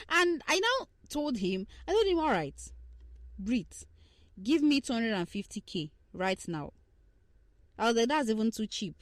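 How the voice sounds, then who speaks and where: Young woman, high voice, dry close sound, animated monologue, heated and then hushed. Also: unhurried, dry recording. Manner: animated, rising and falling between hushed asides and heated rants. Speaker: podcast host. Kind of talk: casual monologue on relationships.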